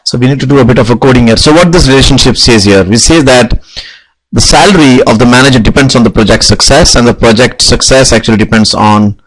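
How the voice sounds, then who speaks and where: A man teaches object-oriented programming in a live coding tutorial, talking through the code as he types and often saying "okay" and "you know." His voice is medium-pitched and fast, captured in a rough recording.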